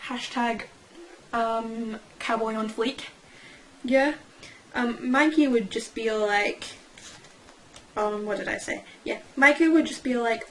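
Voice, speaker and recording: A woman's voice: on the high side, takes it slowly, fairly bright tone, slight background noise, low-quality recording. A young woman chatting casually at home in a rambling fan reaction vlog, often correcting herself. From United Kingdom. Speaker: vlogger. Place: at home, indoors.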